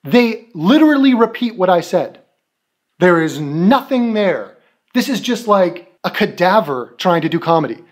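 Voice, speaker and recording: A man's voice: high voice, very animated, unhurried. A man giving a profane, sarcastic commentary rant, mocking the people he is answering. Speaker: commentary video creator. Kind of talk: ranting commentary.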